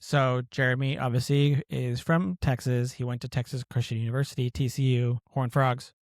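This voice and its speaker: A man's voice: mid-range voice, level tone, normal speed, dry recording, studio quality. A man from outside Boston co-hosting a podcast in a chatty, joking way. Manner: chatty and joking, reads quotes aloud. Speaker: podcast co-host. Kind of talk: casual podcast chat.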